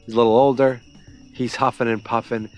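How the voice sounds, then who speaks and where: A man's voice: mid-range voice, level tone, brisk, a little mellow, highs cut off, soft background music. A man hosting a podcast, recapping a TV episode in a casual, sarcastic way with lots of fillers. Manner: chatty, sarcastic, lots of fillers and quoted voices. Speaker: podcast host.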